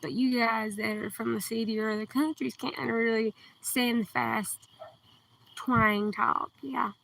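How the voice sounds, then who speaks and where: A woman with a southern Kentucky accent, chatting on a livestream outdoors at night, speaking slowly and carefully enunciating into a phone. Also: a little high, fairly even intonation, gravelly. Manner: slow, deliberately enunciated, soft-spoken. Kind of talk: casual livestream chat. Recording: distant phone mic, faint outdoor hiss.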